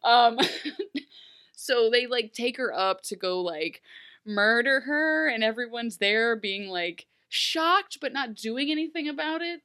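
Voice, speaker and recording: Bright high-ish woman gabbing away, laughs a lot, does little silly voices. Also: smooth. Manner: animated, laughs often, mimics characters in quick bursts. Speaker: podcast co-host recapping a TV episode. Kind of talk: casual chat.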